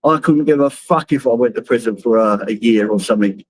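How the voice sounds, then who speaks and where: The husky, mid-range voice of a middle-aged Londoner comes through fairly quickly as he live-streams from his phone while driving. He rambles, swears a lot and laughs at his own tales. There's no echo, but the recording is low quality.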